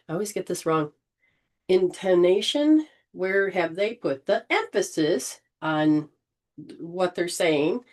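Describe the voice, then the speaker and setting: A woman leading an informal spiritual healing session, gently coaching and often restarting her sentences. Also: on the low side. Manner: rambling, with frequent restarts and throat clearing.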